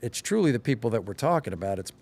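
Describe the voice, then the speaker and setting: A middle-aged man from Long Island with a slight Long Island accent, chatting casually as a podcast guest and telling stories with lively, acted-out quotes. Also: medium pitch, quick pace. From Long Island, New York. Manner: animated storyteller, acts out quotes with rising excitement. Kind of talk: casual chat.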